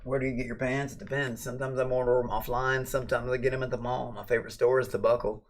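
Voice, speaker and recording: A man's voice: mid-range voice, level tone, fast talker. A man hosting a casual late-night livestream chat, talking bluntly and rambling, with plenty of swearing. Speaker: livestream host.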